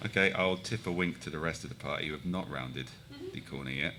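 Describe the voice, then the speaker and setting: A man's voice: rumbling low, a little fast, sharp tone. A man playing a rogue at a live tabletop game, laid-back and joking. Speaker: player. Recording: live show with noise behind.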